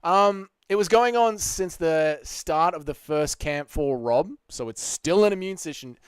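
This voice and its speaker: Australian man, stream host, sarcastic, profane, slightly high voice, dry close sound. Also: unhurried, clear, resonant tone, no echo. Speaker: live stream host reading chat. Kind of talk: casual live stream chat.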